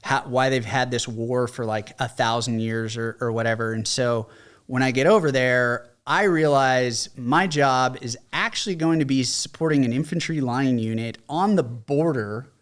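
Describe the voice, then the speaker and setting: An American man in his forties, a veteran guest telling stories in a casual interview, animated, acting out quotes with many fillers. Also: medium pitch, normal speed. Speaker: podcast guest, combat veteran.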